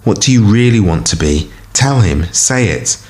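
A furious male shadow monster snarls and swears in a deep, harsh voice, put on by a man reading the story. He is a creature of darkness and menace in this audiobook tale. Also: animated, moderate pace, a little mellow, close to an everyday voice.

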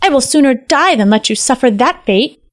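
A woman's voice: high voice, normal speed, pitched above the performer's own voice. Woman doing an eager young fox. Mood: earnest. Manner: excited and earnest. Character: eager young male fox trickster, pleading.

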